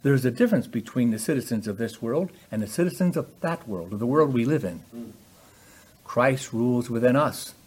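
A man preaching a sermon with emphatic delivery that rises in pitch and volume on key points. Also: lively intonation, normal speed, darkish tone, breathy edge.

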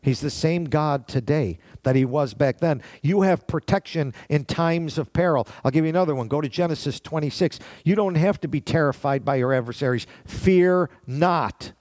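A man's voice: a little high, brisk, hardly any pauses, darkish tone, no echo. A man preaching a sermon, reading scripture aloud and acting out the voices he quotes. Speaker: pastor.

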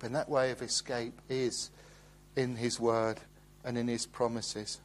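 A middle-aged male preacher gives an evening sermon in an earnest, pleading tone. His voice sits at an ordinary pitch, and he lingers over quoted verses. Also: little pitch movement. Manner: earnest, gently pleading, slows on scripture.

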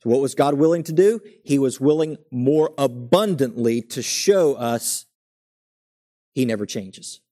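Delivering a sermon, this young adult man is earnest and emphatic, letting each line build and then easing into a hushed, settled delivery. His voice is mid-range and his pace unhurried.

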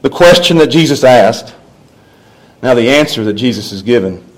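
A man's voice: mid-range voice, lively intonation, normal speed, rough recording. A man preaching a sermon, emphatic, with rising and falling delivery. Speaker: pastor.

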